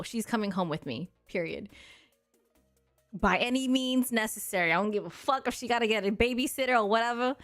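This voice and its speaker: A woman's voice: mid-range voice, a bit bright. A woman in her thirties, a streamer in casual chat with her viewers, talking in a blunt, sassy and crude way and laughing often. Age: 30s.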